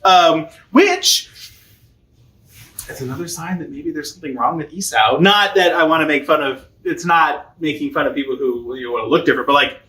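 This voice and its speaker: Chatty young man teaching, fairly high voice. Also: moderate pace, pushed and bright, echoey room. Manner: chatty and informal, many fillers, laughs often. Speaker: catechism teacher. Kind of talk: casual teaching.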